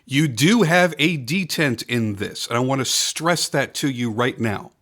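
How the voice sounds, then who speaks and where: Man, knife reviewer, casual product talk, emphatic, repeats himself for stress, mid-pitched voice. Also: animated, a little slow, fairly bright tone.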